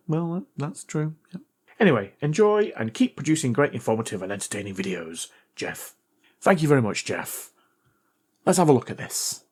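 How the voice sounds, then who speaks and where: A man hosting a repair video, reading a viewer's letter aloud and thinking out loud as he tests a gadget in a casual, chatty way. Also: medium pitch, breathy edge. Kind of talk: casual hands-on repair commentary.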